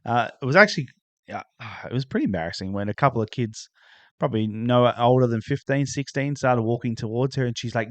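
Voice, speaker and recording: A man hosting a podcast in casual chat, laid-back and quick to laugh along. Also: medium pitch, lively intonation, fairly bright tone, no echo. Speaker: podcast host.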